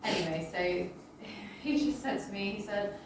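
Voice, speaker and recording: A British woman telling her personal health story to an audience in a halting, emotional, apologetic way. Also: medium pitch. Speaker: guest sharing a personal testimony. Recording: roomy, distant, with background noise.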